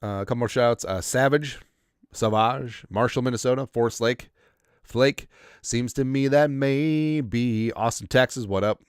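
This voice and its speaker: A man hosting a casual sports livestream, rambling as he reads out viewer shout-outs, a little congested. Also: mid-range voice, moderate pace, smooth, dry recording, studio quality. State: congested, coughing. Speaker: podcast host.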